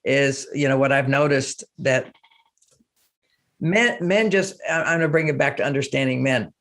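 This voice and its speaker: An older man, a relationship author, talking casually in an interview, animated and acting out quoted speech. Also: medium pitch, moderate pace.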